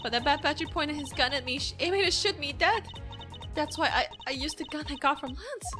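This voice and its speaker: A woman voicing a frightened young woman who speaks in halting, shaken bursts, in a video game. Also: sits high, lively intonation, music in the background.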